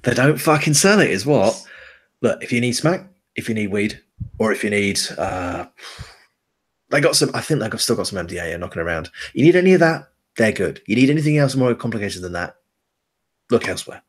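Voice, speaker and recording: A man's voice: on the low side, expressive, fairly quick. A man voicing a streetwise male drug contact, blunt and crude. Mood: gruff, blunt. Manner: crude, swearing, matter-of-fact.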